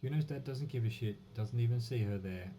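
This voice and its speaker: A man voicing a hostile, foul-mouthed young boy who gruffly talks about himself in the third person. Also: mid-range voice, a little fast, background noise, lightly acted.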